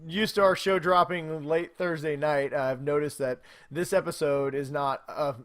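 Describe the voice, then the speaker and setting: A man in his thirties co-hosts a laid-back podcast, his voice sitting notably high. He tells stories with plenty of animation and breaks into laughter often. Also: fairly even intonation, moderate pace, a bit bright. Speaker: podcast co-host. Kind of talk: casual chat.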